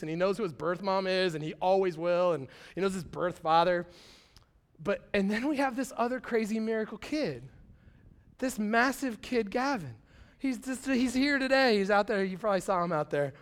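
A man, preaching a sermon as a pastor and telling a personal story in a casual, slangy way, acting out quotes with big swings in volume. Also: high-pitched.

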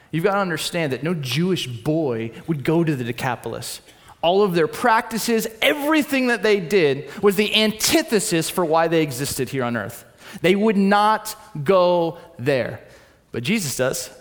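Young male pastor, high voice, preaching in a church hall with long reverb; dramatic storyteller who drops to a hush. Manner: storytelling, swings between loud and hushed. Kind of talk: sermon.

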